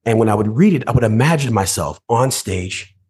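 A man, a motivational speaker, telling his life story as a podcast guest, animated and acting out voices and scenes. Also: medium pitch, a little fast, husky.

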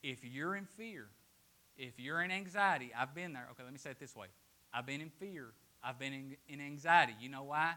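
A man preaching a sermon to a congregation, swinging between loud, emphatic declarations and hushed, quiet asides. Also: medium pitch, a little fast.

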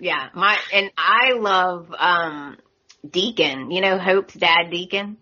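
Woman, podcast host, casual recap chat, bright voice, muffled lo-fi sound. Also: on the low side, slow pace. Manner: chatty, laughs often, acts out quotes.

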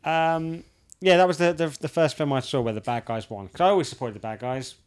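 A man's voice: fairly high pitch, brisk, clear, resonant tone. A man in his thirties ranting in casual chat, swearing freely and restarting his sentences.

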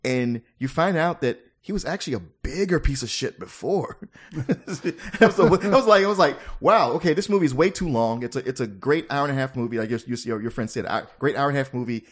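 A middle-aged man chats about films in a loose, rambling way, halting on fillers and starting sentences over. His voice sits at an ordinary middle pitch. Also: lively intonation. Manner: rambling, hesitant, many fillers and restarts. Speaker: guest film critic. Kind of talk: casual podcast chat.

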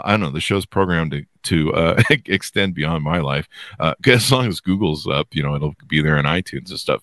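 A man hosting his own podcast, chatting in a playful, self-mocking monologue with mock flattery for his listeners. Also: fairly low pitch, creaky, no echo, studio quality. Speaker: podcast host. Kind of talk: casual joking monologue.

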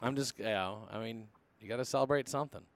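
A man's voice: medium pitch, quick pace, no echo. A man hosting a podcast in casual chat, joking and rambling with many restarts and fillers. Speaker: podcast host.

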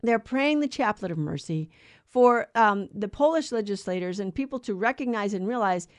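A woman's voice: medium pitch, animated, moderate pace, no echo, studio quality. A woman co-hosting a Catholic talk show, teaching in an earnest, storytelling way. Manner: earnest storyteller who acts out quoted voices. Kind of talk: conversational faith teaching.

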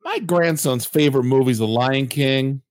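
A man voicing a calm, folksy Southern grandfather who sells for a living, telling a story very slowly. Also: mid-range voice, no room sound, clean studio sound, natural voice. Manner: drawn-out slow storytelling.

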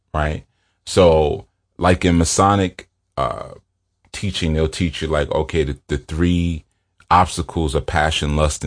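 A man giving a loose, conversational commentary on a film, often checking in with the listener. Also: a bass voice. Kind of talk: casual spoken commentary.

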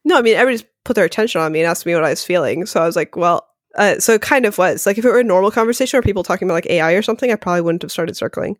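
Rapid-talking woman podcast guest. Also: fairly low pitch, no echo, studio quality. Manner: rapid and animated, heavy use of "like". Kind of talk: casual conversational interview.

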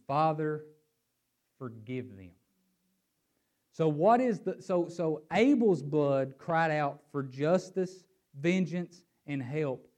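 A man preaching a sermon and reading scripture aloud. He swings his emphasis up and down and repeats words as he thinks aloud. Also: mid-range voice. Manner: animated, rising and falling emphasis.

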